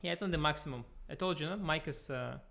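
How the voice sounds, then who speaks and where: Guy live streaming chess from home, chatty and playful, bit high pitched, talking to his viewers at the desk mic. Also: fast, gravelly, pushed and bright. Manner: chatty, playful, talks to viewers while clicking around. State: tired, speaking softly at first. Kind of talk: casual live-stream chat. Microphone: desktop USB mic.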